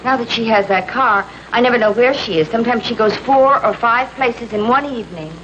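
A woman's voice: a little high, fairly quick, fairly bright tone, lo-fi sound, a little hiss or hum, natural voice. An actress playing a fussy, gossiping mother who complains wryly about her daughter.

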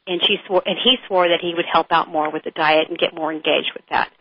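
A middle-aged woman guest telling frank stories in a lively conversational interview. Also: fairly low pitch, fairly quick, no room sound. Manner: animated storyteller, frank and chatty. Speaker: author and guest. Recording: dull dry lo-fi sound.

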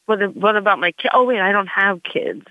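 Speaking at a medium pitch and ordinary pace, this woman, Gen X and somewhere in her 40s or 50s, rambles through a stand-up bit full of fillers, restarts, and "likes." Her audio is dry and thin, phone-like.

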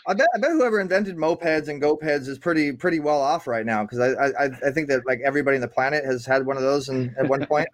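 A man's voice: mid-range voice, fast, no echo. A man hosting a live online interview show, upbeat and chatty, often repeating words as he talks. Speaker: show host.

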